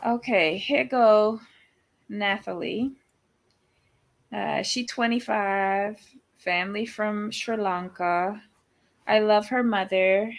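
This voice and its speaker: A woman's voice: mid-range voice, fairly even intonation, takes it slowly, long pauses. A woman co-hosting a casual TV recap chat, making dry, sassy asides and agreeing often. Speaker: podcast co-host.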